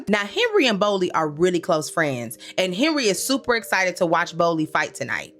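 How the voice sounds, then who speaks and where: A woman hosting a comedic recap commentary, sassy and slangy, talking straight to her listeners and scolding the characters. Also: medium pitch. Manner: animated, sassy, talks back to characters in quoted asides; slangy, addresses listeners as y'all.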